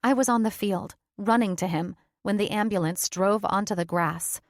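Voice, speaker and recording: A woman reads a first-person audiobook with steady, earnest delivery at a middle pitch. The recording is close and completely dry, with no room sound. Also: normal speed, no room sound. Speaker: audiobook narrator.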